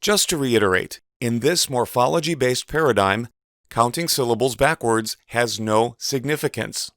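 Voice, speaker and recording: A man giving a measured, precise instructional voice-over as a teacher. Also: mid-range voice, fairly bright tone, dry recording, clean studio sound. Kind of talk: scripted instructional narration.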